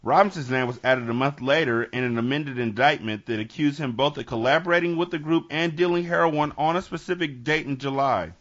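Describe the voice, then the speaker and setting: A man's voice: mid-range voice, a little fast, hardly any pauses, fairly bright tone, muffled recording. A man hosting a podcast, reading out a news story in casual chat and breaking in with jokey asides. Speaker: podcast host.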